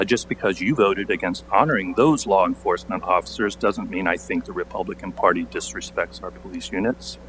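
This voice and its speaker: A man with a very low voice reads a prepared statement at a council meeting. He stays pointed and sarcastic and leans hard on his key words. A faint hum runs under the recording. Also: poor audio. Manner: pointed, sarcastic, building to forceful emphasis. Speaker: borough council member.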